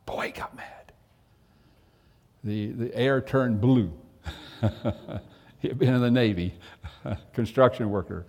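A man's voice: medium pitch, lively intonation, a little slow, pauses often, long reverb tail. A man preaching a sermon as pastor, telling a folksy story and asking the congregation direct questions.

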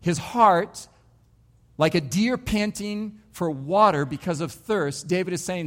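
A man's voice: sits high, unhurried. A man, a pastor, preaching a sermon and telling his own story with emphatic, varied delivery.

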